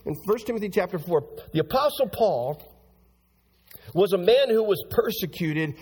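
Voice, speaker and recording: A man preaching a sermon as pastor, swinging from hushed, low passages to loud, high-pitched bursts as he reads and explains scripture. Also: normal speed, breathy edge, long reverb tail. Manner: animated preaching with big swings in pitch and loudness.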